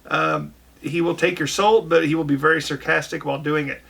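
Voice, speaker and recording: A man's voice: on the high side, fairly even intonation, fairly quick, gravelly, fairly bright tone, breathy edge. A man hosting a casual podcast chat, laying out what he has researched at length. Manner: researched, tells facts at length. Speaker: podcast host.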